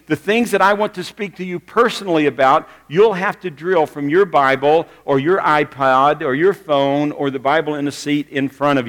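Male pastor, conversational sermon storyteller, somewhat high voice, reverberant sanctuary. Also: fairly bright tone. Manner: conversational storytelling, direct questions to the congregation. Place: church sanctuary with a congregation. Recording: long reverb of a church hall.

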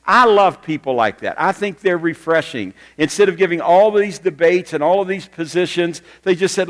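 Male pastor, conversational sermon storyteller, somewhat high voice, reverberant sanctuary. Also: lively intonation, normal speed, hardly any pauses, a bit bright. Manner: conversational storytelling, direct questions to the congregation. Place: church sanctuary with a congregation. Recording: long reverb of a church hall.

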